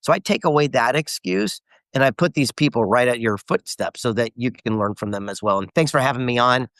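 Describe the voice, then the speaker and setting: Guest author, middle-aged man, lively anecdote teller, dry close mic, mid-pitched voice. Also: brisk, no echo. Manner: animated storyteller quoting others. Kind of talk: storytelling interview.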